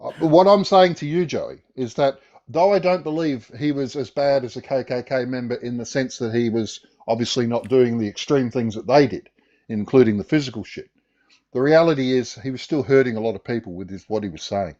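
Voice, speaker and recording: A man's voice: medium pitch, fairly quick, dark tone, lo-fi sound. A man on a live stream panel debate, arguing emphatically and profanely and checking in with the listener. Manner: emphatic and profane, keeps asking "right?".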